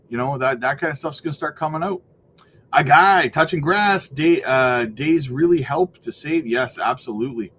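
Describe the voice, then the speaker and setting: A man with a fairly high, slightly bright voice hosts a casual crypto livestream at a moderate pace. He reads viewer comments aloud in an upbeat, hyped way, peppering his talk with "you know" and "right." The recording sounds a little muffled, with faint noise.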